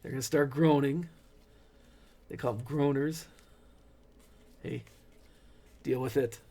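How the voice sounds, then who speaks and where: A man's voice: mid-range voice, steady tone, slow, dark tone. A middle-aged man hosting a live card break, chatting casually and cracking corny dad jokes.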